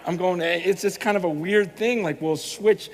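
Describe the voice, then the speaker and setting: A man preaching a sermon, telling stories in an animated, conversational way and quoting other people as he goes. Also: sits high, moderate pace. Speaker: pastor. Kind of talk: sermon storytelling.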